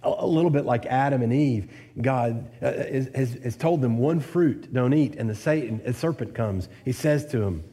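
A man gives an expository sermon at normal speed, barely pausing, in a warm tone. Rhetorical questions go out to the listeners, and his pitch climbs on key points.

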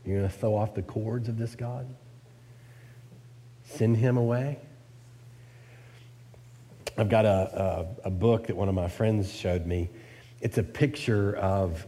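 Taking it slowly with long pauses, a warm-toned man preaches expositorily, putting rhetorical questions to listeners and rising in pitch where he places emphasis.

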